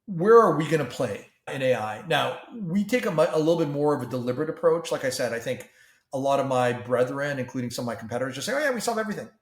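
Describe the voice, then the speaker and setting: A man from Canada talks as a company founder in a podcast interview. His pitch sits in the middle range and his delivery is animated, with frequent restarts and repeated words. The room around him is audibly echoey. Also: quick pace. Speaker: tech company CEO, guest.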